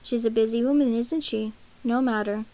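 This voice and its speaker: A woman's voice: on the high side, fairly even intonation, moderate pace, warm tone, lightly acted. A woman reading the lines of an earnest, troubled young prince who speaks frankly. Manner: earnest and direct.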